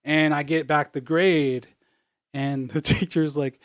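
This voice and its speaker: A man's voice: fairly high pitch, fairly even intonation, takes it slowly, dry recording, clean studio sound. A young adult man from Virginia, a comedian guest on a podcast, talking in a rambling, casual way, full of filler words and frequent laughter. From Virginia, USA.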